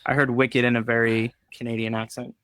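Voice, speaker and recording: A man co-hosting a casual live-streamed talk, easygoing and rambling, with a relaxed joking manner. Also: medium pitch, a little fast, clean tone, dry recording. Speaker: podcast co-host.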